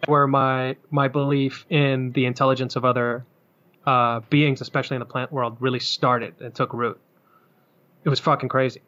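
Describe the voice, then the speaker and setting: A man in casual chat, speaking loosely with pauses and casual swearing. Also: mid-range voice, flat delivery, a bit bright. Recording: dull lo-fi sound.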